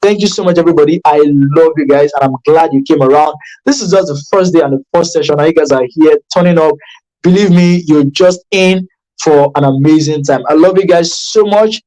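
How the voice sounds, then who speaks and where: A man's voice: fairly quick, poor audio. A man coaching addiction recovery in a motivational online class. He talks emphatically and repeats himself, often restarting sentences and checking in with listeners. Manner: emphatic and repetitive, with sharp pitch jumps for stress; conversational, with frequent restarts and check-ins.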